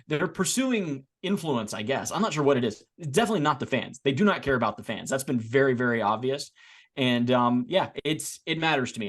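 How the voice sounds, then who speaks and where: A man co-hosting a casual sports podcast, talking in a rambling way with restarts, getting animated as he makes his points. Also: mid-range voice. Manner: rambling, frequent restarts and repeated words. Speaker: podcast co-host.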